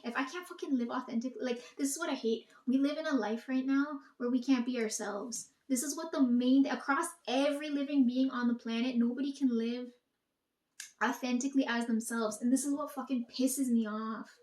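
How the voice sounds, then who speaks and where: A woman's voice: sits high, a little fast, darkish tone, roomy sound. A young woman rambling to her audience in a casual monologue, swearing often and talking emphatically.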